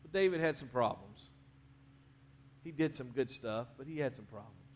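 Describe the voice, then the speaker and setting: A man preaching a sermon in a church, talking conversationally, dropping quiet at the ends of phrases and rising to urge the congregation on. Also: mid-range voice, lively intonation, normal speed, a little hiss or hum. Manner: conversational preaching, drops to quiet endings, rises to urge the crowd. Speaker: pastor. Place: church sanctuary.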